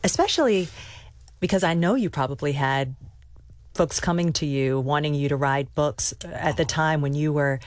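A woman interviewing an author, asking thoughtful, measured questions. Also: deep voice, dry recording.

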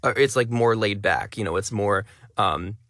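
A man who talks fast and stresses many words, a content creator being interviewed on radio in a studio. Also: fairly low pitch, fairly bright tone, no echo.

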